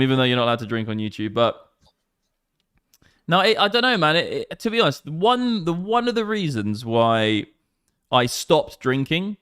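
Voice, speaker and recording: A man in his thirties with an English accent, rambling excitedly and swearing often on a casual livestream. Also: medium pitch, moderate pace, smooth, no room sound, clean studio sound. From England. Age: 30s. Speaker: crypto streamer.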